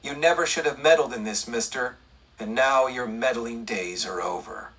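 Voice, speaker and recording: A man voicing a cold, menacing male outlaw gunman in an audiobook western, speaking slowly and deliberately. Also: mid-range voice, a bit bright, slightly rough, distant mic. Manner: slow, deliberate, icy.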